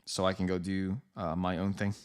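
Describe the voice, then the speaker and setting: A man's voice: low-pitched, little pitch movement, normal speed, clean tone. A man hosting a live trading stream, talking casually to viewers with frequent laughs as he comments on the markets. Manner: chatty, laughs often, addresses viewers directly. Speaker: trading livestream host.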